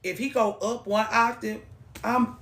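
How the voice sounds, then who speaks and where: A woman giving blunt, profane, animated relationship advice on a live stream. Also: a little high, unhurried, roomy sound.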